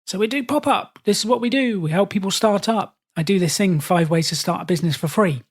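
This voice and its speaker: A British man, a podcast host, telling stories in a relaxed interview and acting out the voices of people he quotes. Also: sits high, brisk, slightly rough. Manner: animated, acts out quoted voices. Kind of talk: storytelling in casual conversation.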